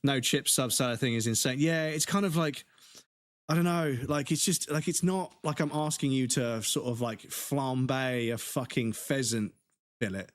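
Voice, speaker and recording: A man's voice: mid-range voice, normal speed, no echo, clean studio sound. A man with an English accent chatting casually on a live game stream, ranting with swearing and laughing asides.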